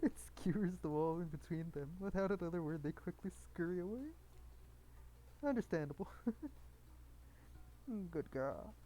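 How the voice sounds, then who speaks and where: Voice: medium pitch, normal speed, long pauses, mellow, rough recording. A streamer reading a dating game aloud, full of joking asides and giggles. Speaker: gameplay streamer.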